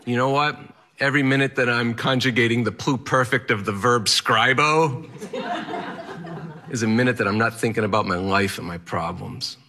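A man's voice: mid-range voice, normal speed, pushed and bright. A man telling a personal story in the first person, candid and wry, in a matter-of-fact manner.

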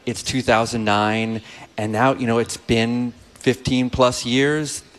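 A man talks through a story at an even, steady pace, sometimes dropping his voice low and quiet to retell what someone said. His pitch sits in the ordinary middle range for a man. He sounds like a guest on a talk podcast. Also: slow pace, in a large hall. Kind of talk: conversational storytelling.

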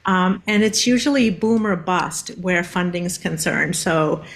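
A woman's voice: lowish voice, a little slow. A woman from Massachusetts answering radio interview questions, hesitant with many ums and restarts. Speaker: guest, linguist.

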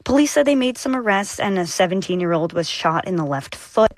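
A woman's voice: medium pitch, animated, brisk, no room sound. A woman reporter describing street scenes she covered, speaking with a radio host in a live news interview.

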